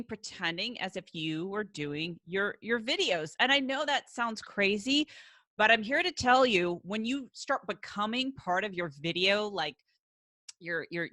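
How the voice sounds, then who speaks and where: Middle-aged woman coach, bright forceful voice, upbeat and repetitive, dry close sound. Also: a little high, no room sound. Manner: energetic, encouraging, repeats herself for emphasis. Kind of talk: direct-to-camera coaching talk. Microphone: computer recording.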